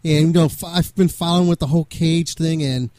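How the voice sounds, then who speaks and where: A man's voice: on the high side, fairly even intonation, dark tone, dry recording. A male radio host interviewing a guest in a casual, easygoing way. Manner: easygoing, quick backchannels and laughs.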